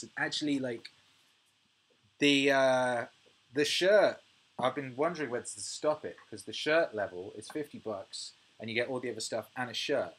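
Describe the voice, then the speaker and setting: British male streamer in his thirties, casual, profane, animated ranting. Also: medium pitch, husky. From United Kingdom. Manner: swears freely, animated rants, laughs often. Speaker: music producer and livestream host. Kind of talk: casual livestream chat reading viewer comments.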